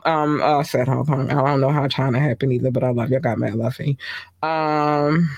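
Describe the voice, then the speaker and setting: Effusive woman podcast host. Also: dry recording. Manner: effusive, shouting out listeners by country; swoops up high when excited. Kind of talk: casual solo podcast chat.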